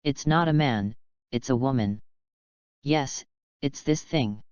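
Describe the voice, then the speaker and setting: A cold, calm young swordsman, as a man reads him speaks in curt, clipped lines with a very smooth voice. The storybook audio is dry and slightly dull. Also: mid-range voice, slow pace, dry recording, close to an everyday voice.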